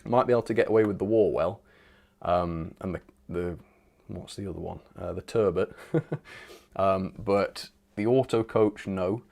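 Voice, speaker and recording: A man hosts a live stream in a loose, rambling way, reading out viewer comments and chuckling as he goes. His voice sits a little on the low side. The talk is relaxed and off the cuff. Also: a little slow, creaky. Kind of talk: casual live stream chat.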